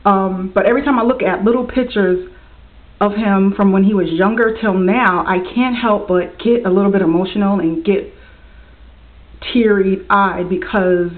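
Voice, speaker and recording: A young woman earnestly sharing a heartfelt personal message in a vlog, speaking with faith and warmth. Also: medium pitch. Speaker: vlogger. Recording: tinny, phone-like lo-fi audio.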